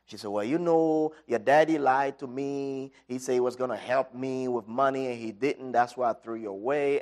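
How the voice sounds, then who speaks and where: A middle-aged man giving an inspirational talk, telling a personal story with dramatic swings from loud to quiet. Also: medium pitch, moderate pace, few pauses. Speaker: speaker.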